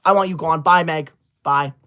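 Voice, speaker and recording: A man's voice: on the high side, fairly even intonation, moderate pace, pushed and bright. A man in his twenties playing a pompous, bossy young male livestreamer who scolds his chat while reading super chats, as a comedy character. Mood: indignant. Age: 20s.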